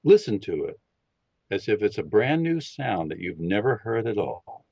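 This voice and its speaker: Calm man guiding a meditation, dull sound. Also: on the low side, vocal fry, husky, dry recording. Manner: calm, slow, instructive. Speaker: podcast guest leading a meditation. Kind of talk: guided meditation instruction.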